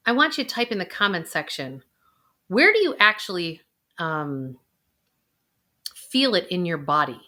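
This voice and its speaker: A middle-aged financial planner hosts a vlog, her voice fairly low in pitch. She coaxes viewers through a guided emotional exercise, sounding energetic at times but turning slow and soft for repeated affirmations.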